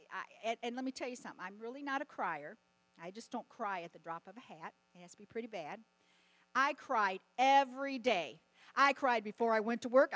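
Lively middle-aged woman preaching a testimony. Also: fairly high pitch, no echo, rough recording. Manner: animated storytelling with laughs. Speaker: conference speaker. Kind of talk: testimony sermon.

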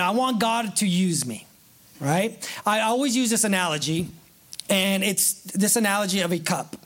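Casting: high-pitched male pastor, excitable and playful, joking with the congregation from the pulpit. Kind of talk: sermon. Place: church sanctuary.

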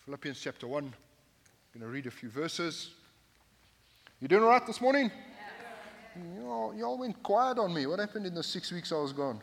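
Male pastor, sermon, emphatic and repetitive, slightly high voice, long church reverb. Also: very animated, fairly quick, gravelly. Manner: emphatic, repetitive, with joking asides to the congregation. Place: church sanctuary, at the pulpit.

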